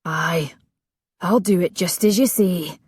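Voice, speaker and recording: A woman's voice: on the low side, takes it slowly, darkish tone, husky, no room sound, studio quality. A woman voicing a tall, gaunt, filthy male bandit leader with a blunt, wary manner. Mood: gruff.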